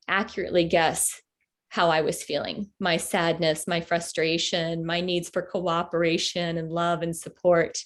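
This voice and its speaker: A woman in her forties, telling a personal story with halting, heartfelt pauses and fillers as a workshop presenter on a video call. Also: lowish voice, flat delivery. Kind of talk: storytelling talk to an online group.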